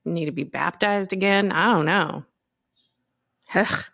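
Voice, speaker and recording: A woman's voice: lowish voice, unhurried, gravelly, fairly bright tone. A woman co-hosting a recap podcast, wry and teasing in casual banter. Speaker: podcast co-host. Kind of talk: casual chat.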